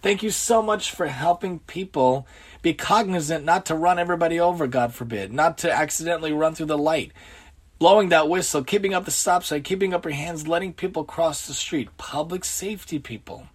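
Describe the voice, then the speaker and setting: A man with a somewhat high voice delivers a religious lecture about everyday behavior. He talks earnestly, firing off rhetorical questions, often repeating words, and he drops Hebrew and Yiddish terms into his speech. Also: brisk, breathy edge. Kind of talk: Torah lecture on everyday conduct.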